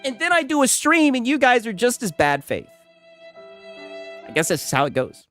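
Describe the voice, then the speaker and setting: A man reacting to posts on a casual stream, animated and laughing, with "right?" after many lines. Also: extremely high pitch, normal speed, faint music behind.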